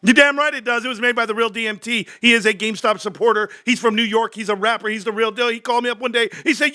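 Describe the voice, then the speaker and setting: Brash guy ranting on his stream, high bright voice, mutters then yells. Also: fast, hardly any pauses, dry recording, clean studio sound. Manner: swings from low muttering to shouting excitement; profane, brash. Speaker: livestream host. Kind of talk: casual livestream rant.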